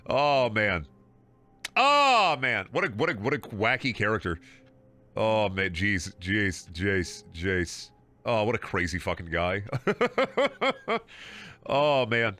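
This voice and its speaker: A man's voice: on the low side, expressive, unhurried, bright, forceful tone. A man streaming a video game, talking in a sarcastic, rambling, profane way with frequent laughing and repeated words. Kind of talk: casual game livestream commentary.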